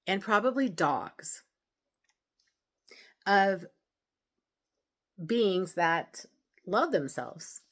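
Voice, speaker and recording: A woman's voice: medium pitch, fairly bright tone. A woman hosting a self-help video, talking casually and earnestly to camera, explaining her points with frequent restarts and asides. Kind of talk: casual advice talk to camera.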